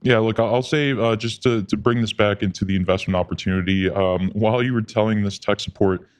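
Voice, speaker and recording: Laughing, hesitant low-voiced male co-host. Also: fairly even intonation, a little fast. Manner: laughing, hesitant, steering talk back on track. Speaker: podcast co-host. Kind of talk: casual podcast chat.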